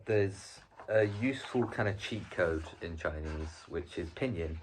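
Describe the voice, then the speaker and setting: Low-voiced man giving a casual lesson. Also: animated, unhurried, slight background noise. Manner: chatty, rambling, lots of ums and restarts. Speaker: video presenter teaching Chinese.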